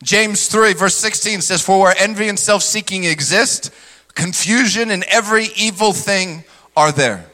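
A man preaching with a bright, ringing tone that sits high for a male voice. He drives the sermon with energy and slips into mocking impressions of skeptics. His voice trails a long reverb, as if filling a large church hall. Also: unhurried. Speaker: pastor.

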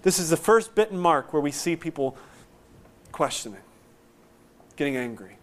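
A man preaching a sermon, explaining scripture in a conversational, animated way and acting out quotes. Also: a little high, normal speed, long pauses. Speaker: pastor.

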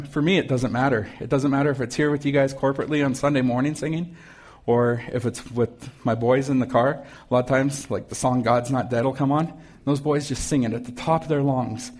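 A man's voice: medium pitch, darkish tone. Conversational male pastor preaching. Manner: conversational, asks the congregation questions. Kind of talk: casual sermon with scripture reading.

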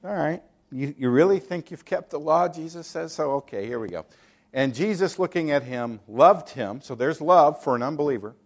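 A man preaching a sermon, emphatic, asking the congregation rhetorical questions and mocking attitudes in quoted voices. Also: medium pitch.

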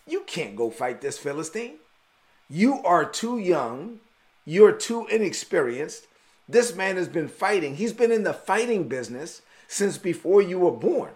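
A man playing a quiet, doubtful old king. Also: sits high, big pitch swings, measured pace. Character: doubtful older male king.

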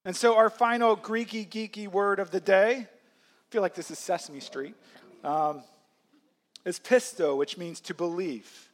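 A man's voice: high-pitched, a little slow. A man preaching a sermon as pastor, in a conversational way, acting out quotes and laughing lightly as he teaches.

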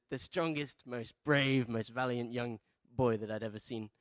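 Brief: male pastor, a mid-pitched voice, a dry close mic, preaching with question-led call-and-response. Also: steady tone, normal speed, few pauses, no echo. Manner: swings between soft, low asides and loud emphatic peaks. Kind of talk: sermon.

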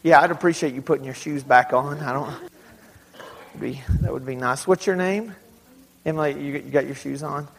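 A man from Dallas speaking to a young audience, telling animated, self-mocking stories in a large hall. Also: fairly high pitch, moderate pace, gravelly. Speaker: youth speaker. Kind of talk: storytelling talk to kids. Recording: long hall reverb.

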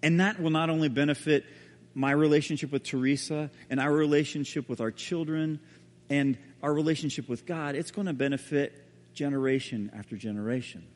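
A man preaches a sermon, telling the story with drama and often sinking into a hushed tone. His voice sits a little high for a man. The sound carries a long, reverberant hall tail. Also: a little fast. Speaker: pastor.

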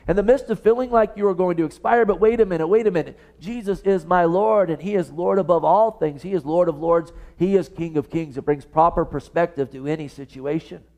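A man's voice: high-pitched, fairly quick, few pauses, darkish tone. A pastor preaching a sermon to his congregation, earnest and full of direct questions to his listeners. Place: church service.

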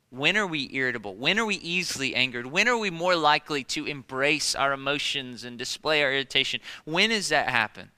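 Animated, bright-voiced male preacher. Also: on the high side, clear, resonant tone, big-room sound. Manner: animated and conversational, full of rhetorical questions. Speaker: pastor. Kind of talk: sermon.

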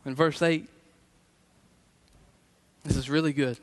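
A middle-aged man preaching a sermon as pastor, earnest and emphatic, slowing down to repeat key phrases. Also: fairly high pitch, steady tone.

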